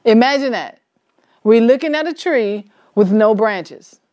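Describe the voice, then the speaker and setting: A woman leading a church Bible study in a relaxed, conversational way, asking the group questions and laughing easily. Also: a little high, measured pace, dull audio.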